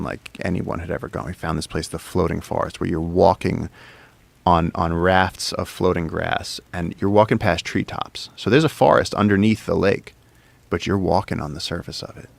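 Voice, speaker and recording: A deep-voiced man with a gravelly texture tells a wild tale as a podcast guest. He gets excitable and rambling, sometimes sinking to a whisper. The studio sound is close and dry. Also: normal speed, no echo. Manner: excitable, drops to whispers for quoted speech, lots of fillers. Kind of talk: animated storytelling in conversation.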